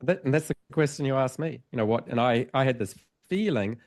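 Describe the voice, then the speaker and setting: A man's voice: medium pitch, expressive, a little fast, a little mellow. A man, a hypnotherapist guest on a podcast, telling a personal story in an earnest, reflective way and laughing often, sometimes getting emotional. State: emotional, choked up. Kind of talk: conversational storytelling.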